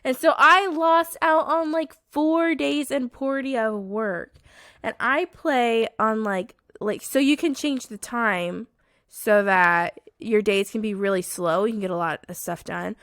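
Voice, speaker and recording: Sick with a cold, a hoarse-voiced woman co-hosts a gaming podcast in casual chat, bubbly and laughing easily. Her voice sits on the high side with a fairly bright tone, captured in studio quality without room sound.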